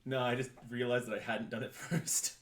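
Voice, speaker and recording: A man running a tabletop game as game master, reading rules aloud in a relaxed way and laughing easily. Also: medium pitch, moderate pace, roomy sound, a little hiss or hum.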